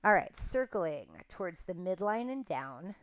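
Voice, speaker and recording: Chatty pilates instructor woman, lowish voice. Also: big pitch swings, a little slow, no echo, lo-fi sound. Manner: chatty, self-deprecating, counts reps aloud. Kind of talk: guided workout instruction.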